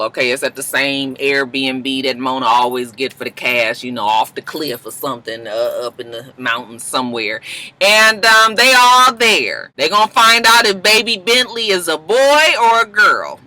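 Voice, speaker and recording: A young woman talks through a TV episode recap in a casual, animated vlog style. She jokes, swears freely and lets her delivery swing around a lot. Her voice is strikingly bright. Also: extremely low pitch, moderate pace. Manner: animated, profane, joking. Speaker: TV show reviewer.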